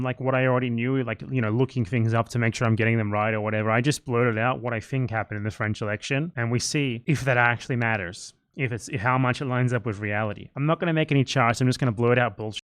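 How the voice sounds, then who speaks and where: A man's voice: mid-range voice, dry recording. A man giving a casual, rambling livestream rant, sarcastic and profane. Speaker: livestream commentator.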